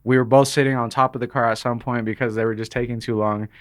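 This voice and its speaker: A man in casual podcast chat, telling a story at a quick clip. He talks fast and acts out the voices of the people in his story. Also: medium pitch, fairly even intonation. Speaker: podcast guest, rapper.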